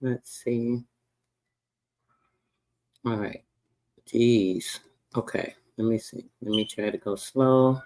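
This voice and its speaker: Here a male livestream host reads old records slowly, leaving long pauses. His mid-pitched, ordinary voice carries loose, swear-heavy talk that is relaxed but openly exasperated.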